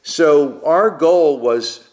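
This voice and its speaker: A man's voice: on the high side, very slow. A man, a stand-up comedian telling stories in a casual interview and acting out the voices of the people he quotes. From Queens, New York. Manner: animated storyteller, acts out quoted voices.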